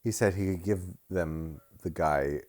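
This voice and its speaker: A man's voice: low voice, unhurried, a little mellow. A man co-hosting a casual movie review, joking playfully while watching the film.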